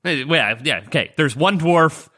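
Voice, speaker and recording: A man's voice: fairly high pitch, expressive, measured pace, pushed and bright. A man playing in a tabletop game podcast, sharing wry, opinionated takes in casual chat. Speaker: player.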